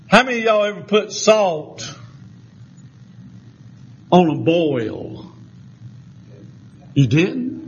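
A man with a Southern US accent preaches in a folksy, drawling way, spinning homespun stories. His voice sits high. The recording is dull and lo-fi, with a faint hiss. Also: very animated, very slow, pauses often. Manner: folksy storytelling, drawling, chuckling. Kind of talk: folksy sermon.

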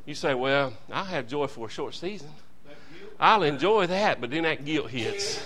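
A man's voice: on the high side, expressive, moderate pace, a crowd in the background. A man preaching a fervent, folksy revival sermon as a visiting preacher, calling out to the congregation.

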